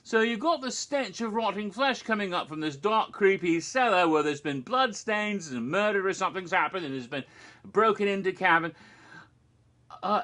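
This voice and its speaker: A man delivers an exasperated, profane rant about a horror film. His voice is high and bright, and it swings widely in pitch. He erupts into loud bursts of outrage. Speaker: horror vlogger. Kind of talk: ranting commentary.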